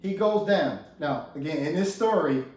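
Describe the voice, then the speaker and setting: A fairly high-voiced man tells a story in a lively, halting way, repeating and restarting his words. He sounds distant from the mic in a very echoey room. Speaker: minister co-hosting with his wife. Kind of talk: casual ministry talk show.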